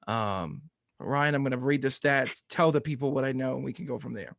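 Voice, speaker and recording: A man's voice: medium pitch, fairly quick, vocal fry, fairly bright tone, dry recording, studio quality. A man co-hosting a casual sports podcast, ranting with energy and laughing often. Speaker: podcast co-host.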